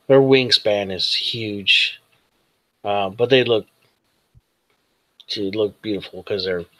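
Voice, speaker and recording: A man narrating as game master of a tabletop role-playing game, hesitant with many pauses and fillers. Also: lowish voice, bright, forceful tone, no room sound.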